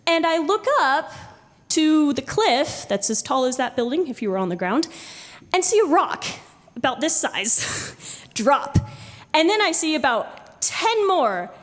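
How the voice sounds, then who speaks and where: A young woman telling a true story live on stage to an audience, animated and laughing often as she acts out what people said. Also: high voice. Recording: live hall recording with long reverb.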